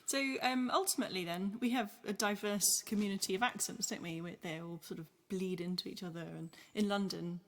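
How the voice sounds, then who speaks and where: A woman's voice: medium pitch, fairly even intonation, fairly quick, few pauses. A woman hosting a podcast discussion, conversational and with frequent listening noises. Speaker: podcast host.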